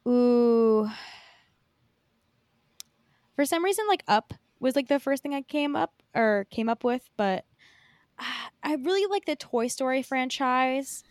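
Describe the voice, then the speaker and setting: A woman's voice: high voice, animated, normal speed, no room sound, studio quality. A young woman co-hosting a podcast in casual chat, rambling with lots of fillers and casual swearing. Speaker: podcast co-host.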